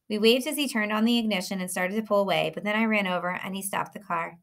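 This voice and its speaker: A woman narrates a first-person story in an earnest, expressive audiobook reading. Her pitch sits in the middle range, and her delivery is steady and storytelling. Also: quick pace, few pauses.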